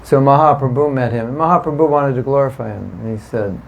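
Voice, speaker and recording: A man gives a relaxed devotional class before a live audience, his voice gravelly with a touch of fry. He talks in a chatty, emphatic way, repeating words and asking his listeners questions. A faint hiss sits under the recording. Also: mid-range voice, fast, lo-fi sound. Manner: conversational, asks the audience questions, emphatic repetition. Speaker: spiritual teacher giving a class. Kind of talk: informal devotional lecture.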